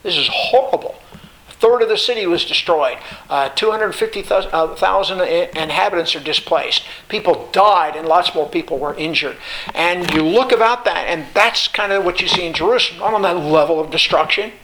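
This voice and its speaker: A man teaching a Bible study lecture, stressing points with repetition and pausing often on filler sounds. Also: high-pitched, bright, forceful tone, poor audio.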